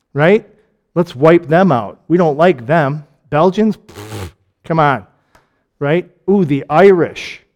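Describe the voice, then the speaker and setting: A man whose voice sits a little high preaches in a Michigan accent, keeping things conversational. He peppers the sermon with jokes and many rhetorical questions while alternating between loud and soft passages.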